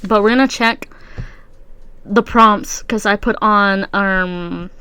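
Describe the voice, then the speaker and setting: A woman's voice: mid-range voice, steady tone, slow pace, bright, forceful tone, smooth, no room sound. A young adult woman with a stuffy nose, hosting a rambling, slang-heavy solo podcast. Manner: slangy and rambling, many fillers. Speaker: podcast host. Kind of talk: casual solo podcast chat.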